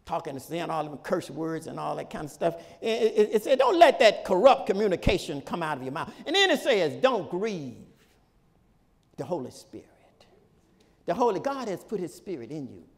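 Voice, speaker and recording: A male pastor preaching a sermon in a folksy, repetitive style, with shouted peaks and laughter between points. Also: high-pitched, very animated, a little fast, gravelly, hardly any pauses, long reverb tail. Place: church sanctuary.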